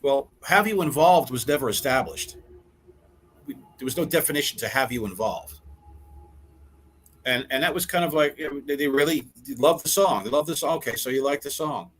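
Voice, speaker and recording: A man's voice: mid-range voice, normal speed, slight background noise. Older man telling a rock-scene story. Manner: animated storyteller who acts out quoted dialogue; frequent repeated words and restarts. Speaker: interview guest, rock musician. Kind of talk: storytelling in a casual interview.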